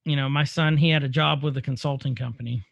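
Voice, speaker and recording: A man in his thirties co-hosting a casual podcast, animated, laughing easily and admitting he tears up at films. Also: mid-range voice, fast, creaky, dry recording, lo-fi sound. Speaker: podcast co-host. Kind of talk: casual chat.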